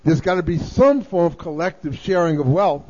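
A man's voice: fairly high pitch, animated, moderate pace, a little mellow. A man giving a political talk with a storytelling style, speeding up as he runs through lists, from a recording played on air. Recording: dull lo-fi recording played on radio.

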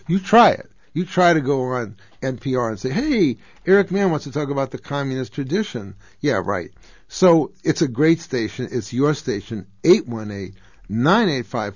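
A man appearing as a guest on a radio pledge drive, making an emphatic fundraising appeal that rises to loud exclamations. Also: mid-range voice, no echo. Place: radio studio. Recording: dull lo-fi radio broadcast, dry.

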